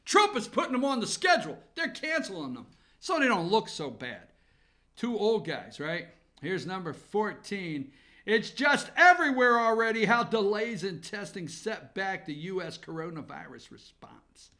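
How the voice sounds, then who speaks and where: High, bright-voiced sarcastic man. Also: very animated, normal speed. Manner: sarcastic, rambling, profane. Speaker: comedy news host. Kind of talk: comic headline countdown. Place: office.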